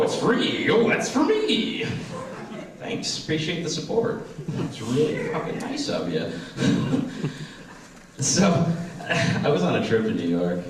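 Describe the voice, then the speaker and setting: A man's voice: lowish voice, slight background noise. Self-mocking young man doing stand-up. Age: 20s. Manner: self-deprecating, profane, bouncy. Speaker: stand-up comedian. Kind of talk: stand-up comedy set. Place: small stage at a comedy class show. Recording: echoey room, mic far off.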